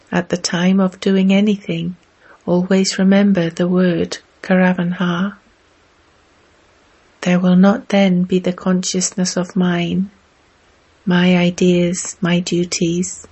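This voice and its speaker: A woman delivering a measured spiritual discourse, exhorting listeners with rhetorical questions. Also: lowish voice, darkish tone, slightly rough. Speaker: spiritual teacher. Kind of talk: slow spiritual discourse reading.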